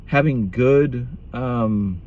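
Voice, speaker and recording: A man's voice: medium pitch, drawn-out words, lo-fi sound. A man in his thirties speaking candidly about marriage in a reflective monologue, blunt and profane, often restarting his sentences.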